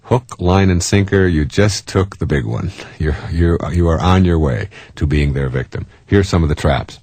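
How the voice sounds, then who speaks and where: A man's voice: low voice, normal speed, a little mellow, husky, dry recording, studio quality. A man giving a motivational talk in a conversational way, often chuckling and acting out the voices of people he quotes. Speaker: self-help speaker.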